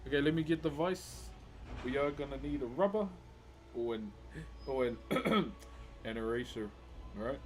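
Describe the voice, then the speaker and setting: A man with a New Zealand accent and a medium-pitched, expressive voice talks to his live stream at a moderate pace, pausing often, while working on a wood carving. His manner is relaxed and chatty, and he calls everyone bro.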